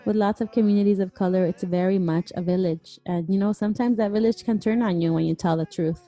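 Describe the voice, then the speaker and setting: A woman's voice: medium pitch, quick pace, dark tone. A woman co-hosting a podcast, reacting to a story in a heartfelt, frank way. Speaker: podcast co-host. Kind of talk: casual podcast commentary. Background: faint guitar music.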